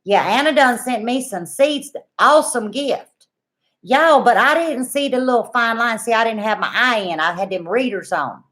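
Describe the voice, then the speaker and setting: A middle-aged woman with a Southern US accent, telling a homestead story to her viewers in a folksy, animated way. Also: fairly high pitch, normal speed. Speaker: homestead vlogger.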